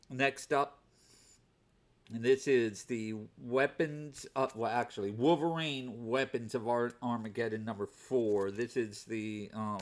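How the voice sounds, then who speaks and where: A man casually talking through his week's comic purchases, with many fillers and repeated words as he goes. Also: on the low side. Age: adult working overnight shifts. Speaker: comic book vlogger. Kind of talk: casual unscripted show-and-tell.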